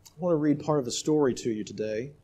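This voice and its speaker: A male pastor preaching a sermon emphatically, swinging from loud exhortation to hushed asides. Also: mid-range voice, fast.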